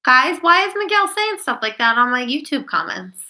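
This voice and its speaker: A woman's voice: high-pitched, big pitch swings, normal speed, bright, forceful tone, poor audio. A woman teacher hosting a live online class Q&A, talking directly to her students by name.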